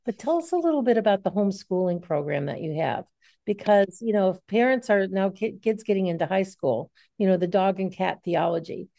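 A woman's voice: mid-range voice, brisk, vocal fry, no room sound. A woman hosting an interview, steering the talk in a conversational way with casual fillers. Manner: conversational, gently redirecting with fillers. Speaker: interview host.

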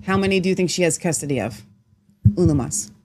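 Casting note: chatty woman co-host, rambling, animated, now and then muttering low. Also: quick pace, slight background noise. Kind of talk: casual political chat show.

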